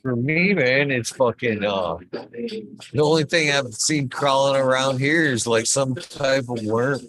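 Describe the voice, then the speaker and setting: A man's voice: mid-range voice, measured pace, rough recording. A man chatting casually, telling stories with plenty of swearing and calling his friend brother. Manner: profane, animated storytelling, calls people brother. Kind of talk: casual chat.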